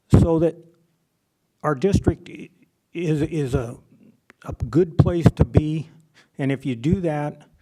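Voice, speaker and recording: A man's voice: a little high, creaky, warm tone. A man running for school board, answering in a plain-spoken, hesitant way with false starts, in council chambers. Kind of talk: candidate forum answer.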